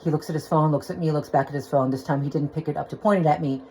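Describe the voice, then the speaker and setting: A woman's voice: sits low, fairly even intonation, very fast, mellow, slight background noise, rough recording. A woman telling a personal story into her phone, agitated and rambling, with restarts and swearing. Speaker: vlogger.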